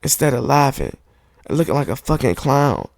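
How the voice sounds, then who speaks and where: Gravelly man ranting on a podcast. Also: medium pitch, sing-song, moderate pace, darkish tone, dry recording, clean studio sound. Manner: heated, profane, repetitive insistence. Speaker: podcast host. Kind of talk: podcast monologue rant. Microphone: studio microphone.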